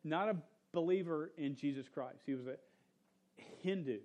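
Young guy pastor, kinda high voice, laid-back sermon, says dude a lot, trails off soft. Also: moderate pace. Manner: trails off quieter at ends of points. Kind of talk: casual sermon.

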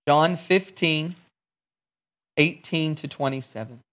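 Storytelling preacher, fairly high voice. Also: male voice, takes it slowly, a bit bright. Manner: storytelling, conversational preaching with acted-out dialogue. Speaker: pastor. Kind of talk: sermon.

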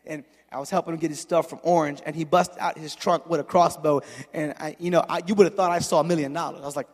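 A man preaching a sermon, telling stories in a chatty way that builds to shouted peaks and calls on the crowd for an amen. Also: a little high, fairly even intonation, fast, long reverb tail. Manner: storytelling, builds from chatty asides to shouted climaxes; calls for audience response.

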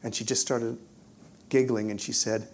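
Man, preacher, storytelling sermon, animated, loud to hushed, mid-pitched voice, faint background noise. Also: normal speed. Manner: animated storyteller, swings from loud excitement to hushed near-whispers. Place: church.

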